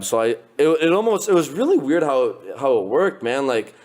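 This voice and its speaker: A young man, a podcast guest, telling a story in a loose, animated way, full of filler words. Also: mid-range voice, a little fast. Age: young adult. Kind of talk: casual storytelling. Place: his apartment.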